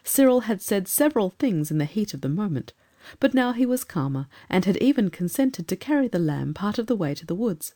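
A woman reading a storybook aloud as narrator, measured and expressive. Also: medium pitch. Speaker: audiobook narrator.

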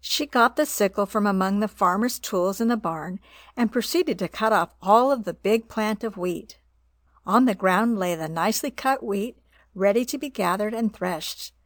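A woman reading a children's story aloud in a gentle, expressive way. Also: medium pitch, normal speed, dry recording. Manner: gentle, expressive reading with voiced animal parts.

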